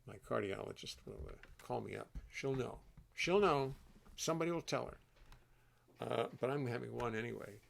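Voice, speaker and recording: Gravelly-voiced older man chatting. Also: medium pitch, brisk. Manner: rambling, chatty, warm-hearted storytelling. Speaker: host and bassist. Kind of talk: casual livestream chat. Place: home studio.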